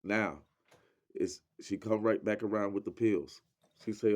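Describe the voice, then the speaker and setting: A man telling a personal story in a casual, profane, animated way, acting out the lines of other people. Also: on the low side, unhurried.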